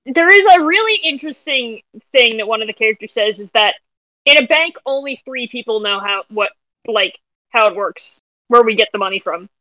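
A woman co-hosting a podcast in loose, casual chat. Her voice sits high and sounds bright. She swears freely and jokes with mock anger. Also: animated, moderate pace, no echo, low-quality recording. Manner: profane, mock-angry outbursts. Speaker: podcast co-host.

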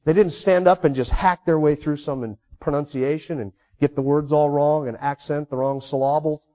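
High-voiced man preaching a sermon. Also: steady tone, moderate pace, mellow, highs cut off. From United States. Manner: emphatic, repeats key words for stress. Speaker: pastor.

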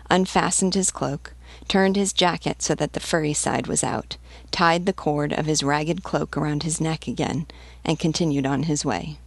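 A woman reading a novel aloud as a teacher, in a measured, even storytelling manner. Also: low-pitched, gravelly, no echo.

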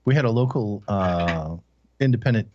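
A man's voice: lowish voice, animated, moderate pace, a little mellow, a little hiss or hum. A man talking on a casual talk show in a dry, sarcastic way, hesitant with many fillers. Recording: dry, muffled lo-fi sound.

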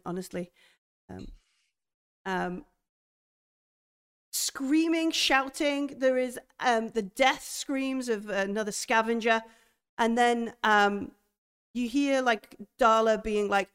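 A young woman narrating a tabletop horror game as game master, hesitant with many pauses and restarts. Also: fairly high pitch, fairly even intonation, smooth.

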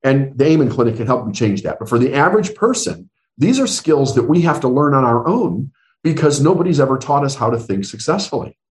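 A man's voice: mid-range voice, animated, fairly quick, a little mellow. A middle-aged man, a business coach being interviewed, telling stories earnestly and acting out the dialogue he quotes. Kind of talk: storytelling interview answers.

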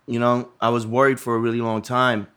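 A man's voice: medium pitch, level tone, a little fast, a bit bright, smooth. A man of forty, a podcast guest, talking in a laid-back way, swearing and saying "you know" a lot. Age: 40s. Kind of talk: casual chat.

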